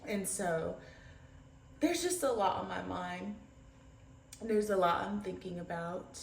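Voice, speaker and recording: A young woman talks candidly into a camera set some way off, rambling and low in spirits. Her voice carries a roomy echo, and a faint hum of ambience sits under it. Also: slow pace, vocal fry, recorded from a distance. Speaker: vlogger. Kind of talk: casual diary vlog.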